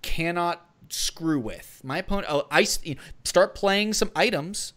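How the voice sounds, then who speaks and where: A man with a high, slightly bright voice co-hosts a gaming podcast, speaking a little slowly. He offers casual strategy tips in a rambling way, full of fillers and restarts.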